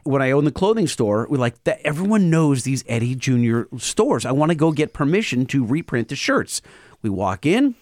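A man co-hosting a casual podcast chat, telling stories quickly, in a studio. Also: medium pitch, sing-song, darkish tone, dry recording. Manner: storytelling, fast, bouncy. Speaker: podcast co-host.

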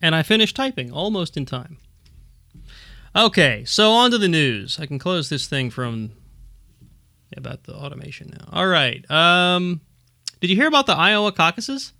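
A man's voice: fairly high pitch, animated, normal speed, gravelly, bright, forceful tone, no echo, studio quality. A man hosting a podcast in casual chat, rambling through stories and laughing often. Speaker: podcast host.

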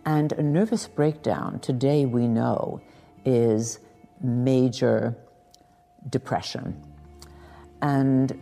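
An older woman with a strikingly low, mellow voice recalls her past in a slow, reflective way, pausing and restarting as she goes. Soft music sits faintly behind her. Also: gravelly, long reverb tail. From Lithuania. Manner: reflective and measured, with pauses and restarts. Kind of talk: personal recollection.

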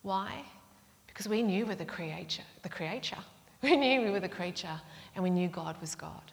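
A woman preaching a sermon, telling stories with animated delivery that drops into whispers. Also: fairly low pitch, moderate pace, gravelly. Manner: animated storytelling, breaks into whispers and laughs. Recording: long hall reverb.

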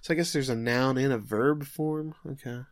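Recorded with studio quality and no room sound, a man with a medium-pitched voice speaks at a moderate pace. He co-hosts a podcast, joking and chatting through an anime episode recap while thinking out loud with many fillers.

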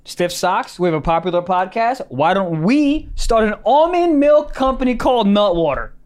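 A man's voice: high voice, big pitch swings, normal speed, darkish tone. A young man co-hosting a podcast, rambling and swearing playfully in casual chat. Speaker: podcast co-host.

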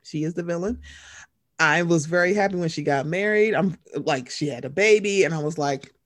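A woman co-hosting a casual chat about reality TV, animated and acting out quoted lines in put-on voices. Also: moderate pace. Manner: animated, acts out quoted voices with big pitch jumps. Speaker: podcast co-host.

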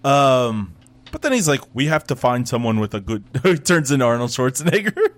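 Sarcastic man with a lively voice. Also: mid-range voice, fairly quick. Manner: sarcastic, acts out characters mid-story. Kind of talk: casual TV recap chat.

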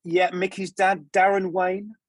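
A man's voice: high-pitched, level tone, unhurried, dry recording. A man, a stage actor guesting on a podcast, telling casual anecdotes about his career with lots of restarts and asides. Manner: rambling, self-interrupting anecdotes with many restarts. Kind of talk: casual interview storytelling.

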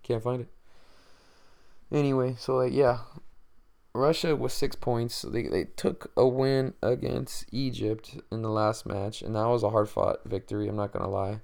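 A man's voice: medium pitch, flat delivery, normal speed, vocal fry, darkish tone. A man hosting a podcast, chatting casually and rambling with lots of fillers and jokes. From Mexican-American. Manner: rambling, filler-heavy, joking. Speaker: podcast host. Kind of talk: casual solo chat.

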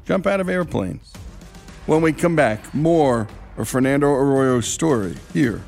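A man's voice: mid-range voice, animated, unhurried, creaky, a little mellow, faint music behind. A male radio host wrapping up a story and reading a donation appeal in a polished delivery.

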